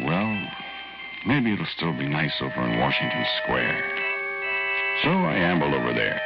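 A gravelly, very deep folksy narrator. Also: male voice, heavily acted. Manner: relaxed, folksy storytelling, drawn-out asides. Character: folksy everyday man telling his own story, easygoing. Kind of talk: 1940s radio acting. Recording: muffled old radio recording with music underneath.

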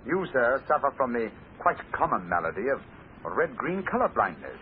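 An actor playing a clever, self-assured male detective in a 1940s radio drama, speaking crisply and deliberately. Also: medium pitch, very animated, natural voice. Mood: accusing. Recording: tinny old radio broadcast, faint hiss.

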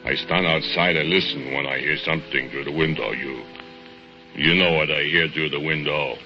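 An actor playing a jealous immigrant steelworker who speaks broken English, in 1940s radio acting. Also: male voice, rumbling low, soft background music. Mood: brooding. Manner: broken English, slow heavy confession. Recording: muffled old radio recording, faint hiss.

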